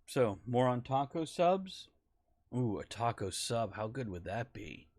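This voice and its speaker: A man's voice: mid-range voice, very animated, a little slow, darkish tone, dry recording, studio quality. A man hosting a casual podcast chat who swears freely and laughs as he reads out articles. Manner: profane, laughs while reading. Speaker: podcast host.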